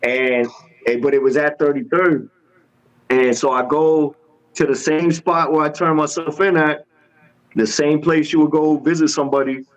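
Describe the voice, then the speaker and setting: A man guest telling a story with animated energy, using street slang and acting out each person's lines in voices. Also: fairly high pitch, moderate pace, low-quality recording. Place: podcast studio.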